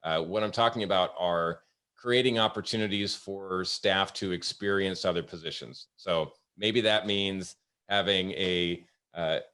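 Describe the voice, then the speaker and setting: Low-voiced man telling work stories. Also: pushed and bright, clear, resonant tone. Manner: storytelling, halting with many fillers. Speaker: host. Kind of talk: casual webinar talk with anecdotes.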